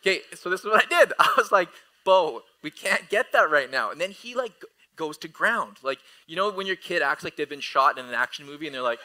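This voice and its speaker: A man in his thirties, a pastor delivering a sermon, telling a family story with laughter and lively asides. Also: a little high, fast talker, poor audio.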